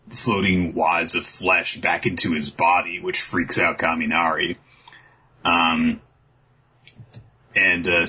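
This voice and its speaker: A man's voice: low-pitched, pushed and bright, breathy edge, rough recording. A man co-hosting a casual podcast, recapping a manga chapter with lots of hesitant fillers.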